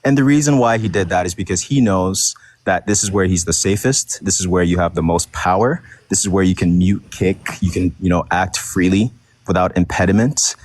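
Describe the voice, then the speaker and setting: A man's voice: sits low, brisk, no echo. A man in a heated online debate, combative and repetitive, talking over the others. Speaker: debate guest.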